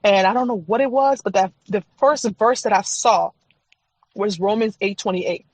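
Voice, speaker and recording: A woman's voice: medium pitch, normal speed, a little mellow, dry recording. A woman guest on a podcast, telling her personal faith testimony in an emphatic, repetitive, testifying way.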